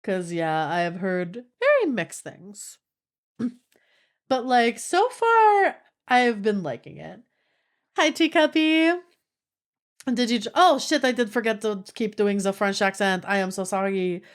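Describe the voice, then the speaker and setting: A woman's voice: mid-range voice, big pitch swings, unhurried. A woman streamer chatting casually with her live audience, playful and laughing often.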